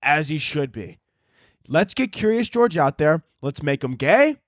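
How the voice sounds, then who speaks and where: A man with a high voice rants through absurd, profane comic bits as a podcast host. His delivery rambles and the sound is close and dry. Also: sing-song, unhurried, no echo. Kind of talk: comedic rant monologue.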